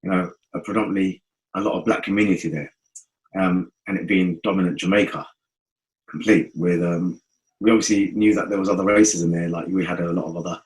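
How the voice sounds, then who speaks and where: Fast-talking London man telling stories. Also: low voice, low-quality recording. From North West London. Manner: animated, acts out quoted voices, fast rambling. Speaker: guest musician. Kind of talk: casual storytelling interview.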